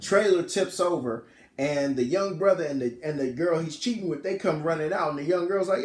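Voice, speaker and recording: Male reviewer, higher-pitched, loose slangy retelling, echoey room. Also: brisk, darkish tone. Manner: rambling, slangy, often corrects himself. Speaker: film reviewer. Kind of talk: casual plot retelling.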